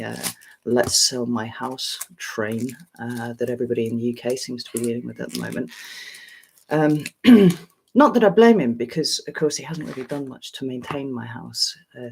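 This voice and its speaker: A middle-aged English woman hosting a casual live stream, greeting viewers by name and clearing her throat often. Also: extremely low pitch, a little mellow, a little hiss or hum. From England.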